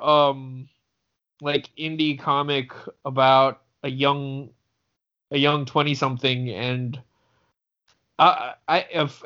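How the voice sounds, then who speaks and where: Slow, hesitant man. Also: on the high side, bright, forceful tone. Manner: hesitant, many restarts. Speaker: podcast co-host. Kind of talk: casual chat. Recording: dull lo-fi sound.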